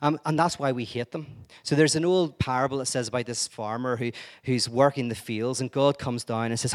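A man giving an energetic, digressive lecture-style talk, full of wry asides and restarts. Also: medium pitch, brisk, few pauses.

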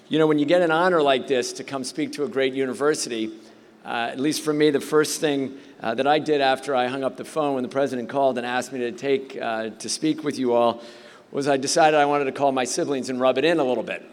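Middle-aged guy giving a graduation speech, jokey stories, medium voice, echoing hall. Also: mid-range voice. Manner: joking storyteller, self-deprecating. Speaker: commencement speaker. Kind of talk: commencement speech. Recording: long reverb of a large hall.

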